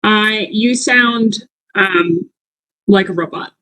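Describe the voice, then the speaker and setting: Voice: mid-range voice, slow, bright, forceful tone, low-quality recording. A participant in a public meeting, speaking over a video call and reporting on how the sound comes through. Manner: plain, checking audio levels. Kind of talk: casual meeting talk.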